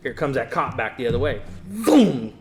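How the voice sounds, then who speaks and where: Casual podcast guest, male, animated storyteller. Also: mid-range voice, fast talker, a crowd in the background. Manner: animated storyteller, acts out quotes. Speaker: guest, race car builder. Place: podcast studio.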